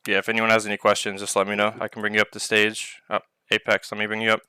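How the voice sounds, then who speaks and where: A man's voice: lowish voice, monotone, quick pace, sharp tone, smooth, no echo, clean studio sound. A man hosting a casual live Q&A over online voice chat, rambling with lots of filler words. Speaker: project owner hosting a community Q&A. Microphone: online voice chat mic.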